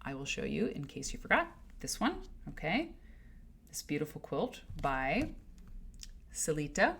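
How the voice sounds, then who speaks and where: A woman hosting a quilting livestream, chatting casually and rambling with restarts and asides to her viewers. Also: mid-range voice. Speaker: host of a quilting livestream show.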